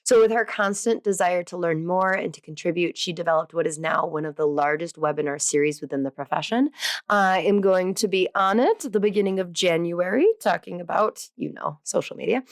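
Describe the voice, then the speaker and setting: Woman podcast host, lowish voice, dry close sound, bubbly and self-mocking, heavy on filler words. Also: brisk, no echo. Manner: chatty and self-deprecating, with many fillers; bubbly, playful asides. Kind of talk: casual podcast monologue.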